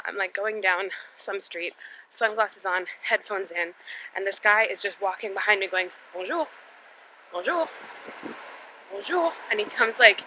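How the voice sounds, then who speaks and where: A woman's voice: mid-range voice, background noise. A young woman chatting to her handheld camera while walking on residential streets, telling a frank, exasperated story in a casual vlog. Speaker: vlogger.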